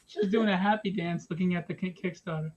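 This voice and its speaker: A man's voice: sits high, fast. A man hosting a live stream from home in a casual, joking, teasing way. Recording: dull lo-fi stream audio with faint noise.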